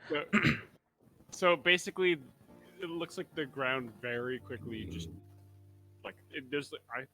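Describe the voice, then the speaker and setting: A man at a tabletop game describing a scene in a halting way. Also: mid-range voice, animated, pushed and bright, soft background music, low-quality recording. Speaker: player.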